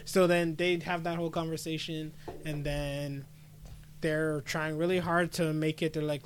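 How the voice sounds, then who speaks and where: A man's voice: a little high, steady tone, a little slow, a little hiss or hum. A young man co-hosting a podcast, casually and animatedly retelling an anime episode and acting out the characters' lines. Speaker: podcast co-host.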